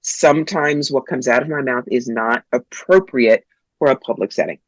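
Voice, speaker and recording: A woman's voice: a bass voice, normal speed, dry recording, muffled recording. A woman from New York, a psychic telling frank, funny stories as an interview guest. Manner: blunt, animated, funny storyteller. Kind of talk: interview, storytelling.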